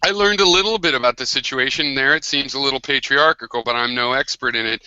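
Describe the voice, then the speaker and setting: Bright-voiced American man rambling. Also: medium pitch, quick pace, clean tone, no echo, highs cut off. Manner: long rambling turns with many restarts. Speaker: host of an online hangout. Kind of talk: casual group discussion.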